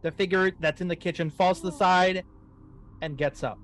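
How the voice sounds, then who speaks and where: A man's voice: high-pitched, steady tone, fairly bright tone, a little hiss or hum. Man narrating as game master. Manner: slow, suspenseful scene narration. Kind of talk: narrating a tabletop horror game.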